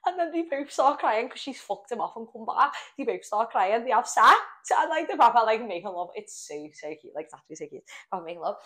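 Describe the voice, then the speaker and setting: A woman's voice: fairly high pitch, sing-song, brisk, hardly any pauses, fairly bright tone. A young woman, rambling and swearing as she retells a story in a casual podcast chat. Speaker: podcast co-host.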